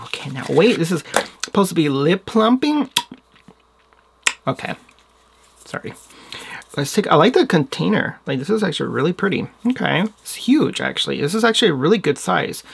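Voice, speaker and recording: A woman's voice: lowish voice, creaky, husky. A woman vlogger chatting casually and giggling while she unboxes beauty products, talking straight to her viewers.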